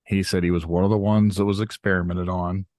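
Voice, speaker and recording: A man hosting a podcast, talking in a relaxed, hesitant way with frequent hedging. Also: deep voice, a little fast, no room sound, clean studio sound. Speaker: podcast host. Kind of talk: casual podcast talk.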